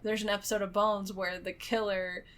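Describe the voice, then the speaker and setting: A woman chatting on a podcast, walking through a movie's plot in a loose, rambling way. Her voice sits in a middle pitch with a bright, forward tone. She fills gaps with little fillers as she goes. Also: flat delivery, normal speed. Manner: rambling retelling with frequent fillers and laughs. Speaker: podcast co-host. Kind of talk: casual movie recap chat.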